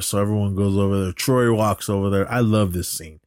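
A man's voice: on the low side, fairly even intonation, quick pace, darkish tone, clear, resonant tone, no room sound, clean studio sound. A man hosting a podcast, recapping a movie in a rambling, filler-heavy way. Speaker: podcast host.

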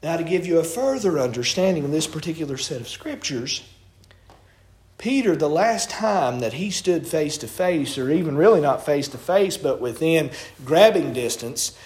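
A man's voice: fairly high pitch, very animated, normal speed, a little mellow. A man preaching a sermon, folksy and storytelling with colloquial grammar, in a church sanctuary. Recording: echoey church room.

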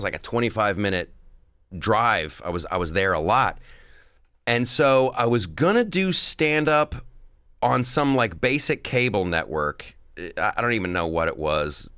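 A man's voice: fairly low pitch, clean tone, no room sound, studio quality. A middle-aged man, a guest comedian, telling stories casually and acting out the voices of people he quotes. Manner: animated, acts out quoted voices. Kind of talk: casual storytelling.

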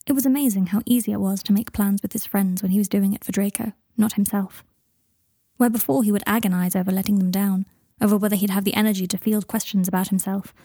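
A woman narrating a story in a calm, even reading voice on a close microphone. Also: mid-range voice, no echo. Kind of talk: storybook narration of fan fiction.

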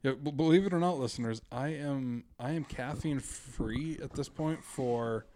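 A man's voice: medium pitch, normal speed, background noise. A man hosting a podcast in a hotel room, chatting casually, often repeating words as he restarts and laughing easily. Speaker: podcast host. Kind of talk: casual chat.

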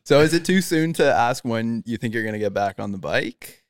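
A man hosting a podcast, asking quick playful questions in casual chat. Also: mid-range voice, animated, no room sound, studio quality. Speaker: podcast host.

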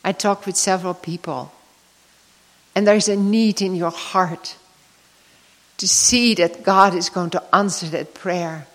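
An older woman's devotional sermon weaves an emotional personal story and closes with a quiet prayer she leads. She has a lowish voice, fairly even in intonation, measured and marked by long pauses. The recording carries a large hall's long reverb.

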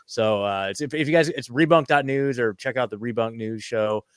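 A man's voice: medium pitch, normal speed, clean tone, no room sound. A man co-hosting a loose online talk show, wandering through his points with plenty of fillers and restarts. He is recorded dry and close, with no room sound. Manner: rambling, many fillers and restarts. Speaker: co-host of a news show. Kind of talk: casual group chat.

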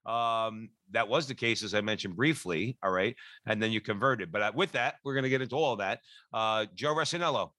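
A man's voice: lowish voice, a little fast, sharp tone, dry recording. A man co-hosting a radio talk show, introducing a guest in an upbeat, chatty way with frequent fillers. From New Jersey.

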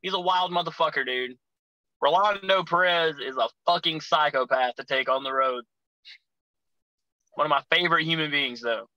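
A man's voice: fairly high pitch, moderate pace, pushed and bright, dry recording, low-quality recording. A man telling rowdy, profane road stories as a guest on a casual podcast. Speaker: guest, pro wrestler.

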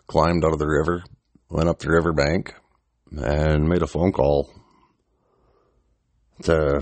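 Middle-aged man, extremely deep voice, husky, profane rambling story, dry close sound. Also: darkish tone, no echo. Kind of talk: casual storytelling.

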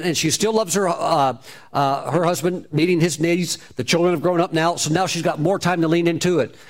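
A man preaching a sermon, telling a story with repeated phrases and shifting emphasis. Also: fairly high pitch. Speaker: pastor.

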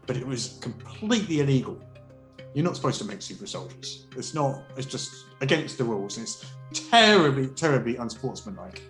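A man narrating as game master of a tabletop role-playing game, telling the story in a relaxed, rambling way. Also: medium pitch, fairly quick. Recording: roomy echo, faint music.

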